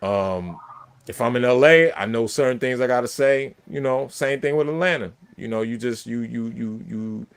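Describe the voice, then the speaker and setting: A man's voice: medium pitch, normal speed, smooth. Rambling Northeast-accented man. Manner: rambling, filler-heavy, lots of "like" and "you know". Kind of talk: casual chat.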